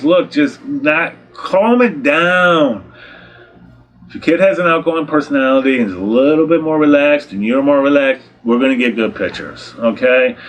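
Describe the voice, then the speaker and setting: Blunt, exasperated male photographer lecturing. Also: a little high. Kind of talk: direct-to-camera advice talk.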